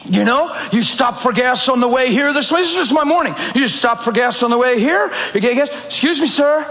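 A male pastor preaching a sermon in a church, telling stories in a direct, animated, conversational way. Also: very high-pitched, a little fast. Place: church sanctuary. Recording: echoey church hall, faint ambience.

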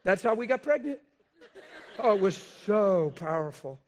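High-voiced preacher, shouting and confessing. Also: male voice, very animated, measured pace, a little hiss or hum. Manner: swings from loud shouting to quiet storytelling; blunt, confessional. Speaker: pastor. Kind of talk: sermon.

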